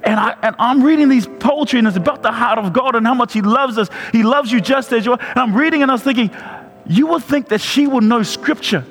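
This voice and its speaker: Telling a personal story during his sermon, this New Zealand pastor in his 40s keeps restarting and repeating himself. He speaks fairly quickly in an extremely high-pitched, fairly bright voice, recorded with long hall reverb and background music.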